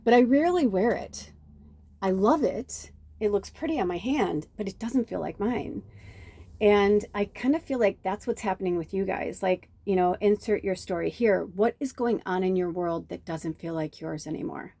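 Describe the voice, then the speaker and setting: A woman talks through a casual spiritual card reading in a mellow, relaxed voice. She rambles warmly between asides and fillers. She acts out little bits of dialogue along the way. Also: medium pitch, normal speed. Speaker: tarot reader. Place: home near busy traffic.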